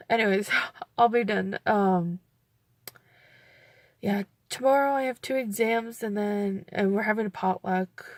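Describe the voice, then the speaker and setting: A woman's voice: mid-range voice, a little mellow, no room sound. Young woman vlogging, kinda teary, rambly with lots of likes, dry sound. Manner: rambling, many fillers. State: teary, near crying. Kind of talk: emotional personal vlog.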